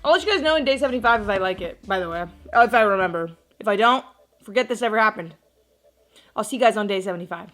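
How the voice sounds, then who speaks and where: A woman's voice: mid-range voice, animated, fast talker, a bit bright, faint music behind. A young woman vlogging in a casual, chatty way, leaning on "like" a lot, first at home and later at a gym. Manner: chatty, bubbly, says "like" often. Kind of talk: casual vlog chat.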